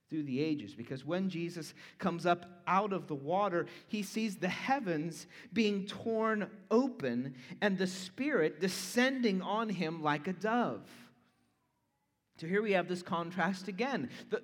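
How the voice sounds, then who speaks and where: A man with a high-pitched voice delivers an earnest sermon, now and then falling to a hushed near-whisper for emphasis. His words ring out with a long reverb, as in a large church sanctuary. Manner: earnest preaching, drops to hushed tones for emphasis. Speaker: pastor.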